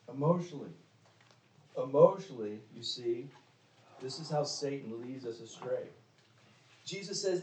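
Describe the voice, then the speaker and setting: Preacher's voice echoing in a church. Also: male voice, medium pitch, animated, unhurried, pauses often, slight background noise. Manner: questions the congregation directly, emphatic rises and drops. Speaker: pastor. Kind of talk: sermon. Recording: echoey room, mic at a distance.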